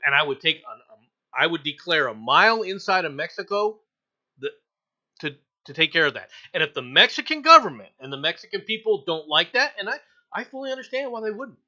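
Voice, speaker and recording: An American man co-hosting a casual news stream, opinionated and quick to laugh. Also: high voice, muffled recording. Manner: animated, opinionated, laughs often. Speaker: co-host reading news stories.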